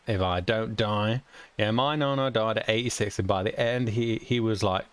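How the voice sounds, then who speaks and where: A man's voice: lowish voice, moderate pace, clear, resonant tone, no room sound. A young British man chatting casually while streaming a game, rambling and chuckling often with mild cursing. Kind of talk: casual chat while gaming.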